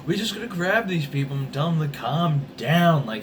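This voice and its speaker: A man's voice: on the high side, normal speed, few pauses, noisy background. Profane, rambling young man ranting. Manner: animated, swearing, jumps between topics. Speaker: vlogger.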